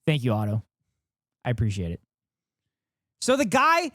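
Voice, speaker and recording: A woman's voice: medium pitch, sing-song, moderate pace, long pauses, no echo, studio quality. A woman streamer reacting to a video in casual commentary, incredulous and profane.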